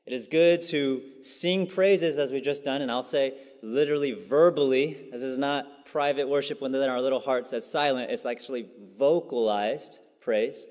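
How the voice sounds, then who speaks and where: A pastor giving a casual, conversational sermon, full of fillers and asides. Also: male voice, medium pitch, steady tone, moderate pace, hardly any pauses, a little mellow. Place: church sanctuary. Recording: long church hall reverb.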